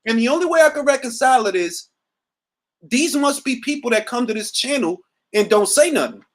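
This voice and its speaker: Man, middle-aged, animated pitch swings, profane, casual livestream host. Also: fairly quick. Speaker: boxing show host. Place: at home, seated.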